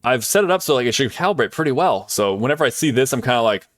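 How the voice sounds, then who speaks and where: A man chats with his live-stream viewers in a loose, upbeat way, drifting between thanks, jokes and small asides. His voice sits at an ordinary middle pitch. The sound is close and dry, with no room echo. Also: expressive, fast talker. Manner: chatty, upbeat, lots of fillers and asides.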